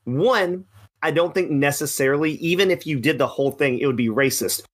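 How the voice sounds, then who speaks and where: A man co-hosts a casual wrestling podcast in a fairly high voice. He talks in an animated, joking way and keeps the chat loose. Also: fairly quick. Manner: animated, jokey, slips into silly put-on voices. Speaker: podcast co-host.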